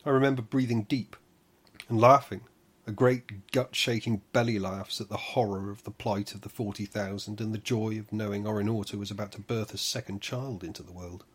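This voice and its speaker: Guy reading a fantasy audiobook, husky and lowish, measured and slows down for the big moments. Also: fairly even intonation. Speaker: audiobook narrator. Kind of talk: first-person fantasy narration.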